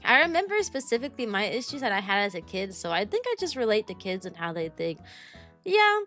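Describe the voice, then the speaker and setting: A woman's voice: medium pitch, sing-song, a little fast, pushed and bright, soft background music. A young woman, a kindergarten teacher, chatting casually on a livestream and rambling with lots of fillers. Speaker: kindergarten teacher and VTuber streamer.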